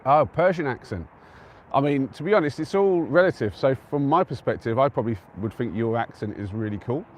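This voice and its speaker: An easygoing man from England talks to his live-stream viewers from an open hilltop. His voice sits at an ordinary middle pitch, and he keeps up a relaxed, chatty flow as he answers comments from a handheld device. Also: fairly quick, a little hiss or hum. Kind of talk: casual live-stream chat. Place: outdoors on a windy-free open hilltop at a trig point.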